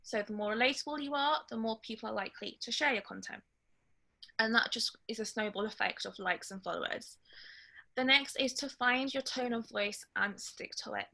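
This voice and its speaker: A woman giving a webinar talk, blunt and straight to the point, sometimes loud. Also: fairly high pitch, moderate pace, vocal fry. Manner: lively, loud in places. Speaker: webinar guest speaker. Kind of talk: webinar talk on social media strategy.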